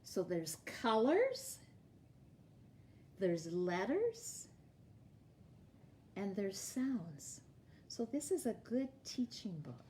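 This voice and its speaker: A woman leading a library storytime, reading a picture book aloud and teaching young children in a clear, animated way. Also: mid-range voice, drawn-out words, pauses often, a little hiss or hum. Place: library programme room.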